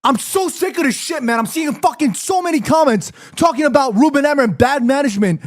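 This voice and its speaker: A man with a high voice rants to his live chat after a match. He swears freely, talks straight at his viewers, and keeps coming back to the same complaint. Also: expressive, fairly quick. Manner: heated, ranting, profane, addresses chat directly. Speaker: football watchalong streamer. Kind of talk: live fan reaction stream.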